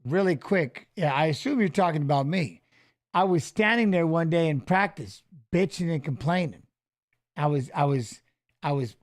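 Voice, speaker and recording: Middle aged guy on a fight stream, kinda high voice, loose rambly stories, swears a lot. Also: moderate pace. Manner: rambling storyteller, swears freely. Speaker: show host and former fighter. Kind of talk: casual live-stream chat.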